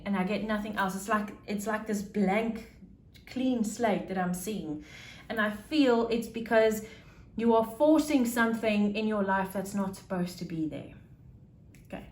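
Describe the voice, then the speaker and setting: A woman reads tarot cards to her viewers in an emotional, halting way, often breaking off to restart her sentences. Her voice sits at an ordinary middle pitch. The room around her is noticeably echoey. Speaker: tarot reader. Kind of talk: casual tarot reading.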